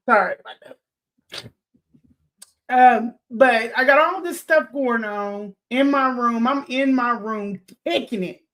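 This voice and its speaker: A woman in her forties hosting a podcast, telling a personal story in a loose, animated way, swearing freely and acting out what people said. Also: on the high side. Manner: animated, swears freely, laughs, acts out quotes. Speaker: podcast host. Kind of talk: casual storytelling to listeners.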